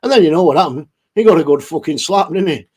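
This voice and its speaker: Husky, high-voiced man. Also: expressive, quick pace, darkish tone. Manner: rambling, heavy swearing, blunt. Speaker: livestream host. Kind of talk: casual livestream chat reading viewer comments.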